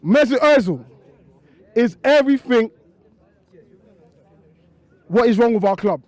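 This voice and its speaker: A man's voice: very high voice, animated, takes it slowly, a little mellow, no echo. A man, a football fan, bluntly criticising players to camera. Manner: blunt, cutting, dismissive. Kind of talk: angry fan rant to camera.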